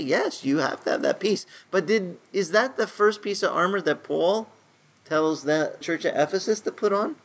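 A middle-aged man preaching in a conversational sermon style, his voice climbing higher when he stresses a point. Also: lively intonation, normal speed. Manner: conversational preaching, rises in pitch for emphasis. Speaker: pastor.

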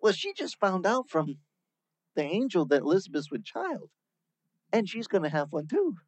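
A man preaching a sermon, teaching through a Bible passage in a lively, conversational way. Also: high-pitched, moderate pace, no echo. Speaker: pastor.

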